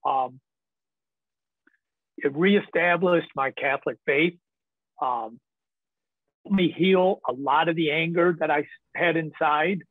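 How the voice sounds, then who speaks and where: A man's voice: fairly high pitch, slow pace, pauses often, dry recording. A man from the northern United States, a podcast guest telling rambling stories in casual talk, often chuckling and swearing. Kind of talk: casual storytelling. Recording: tinny phone-like dry line.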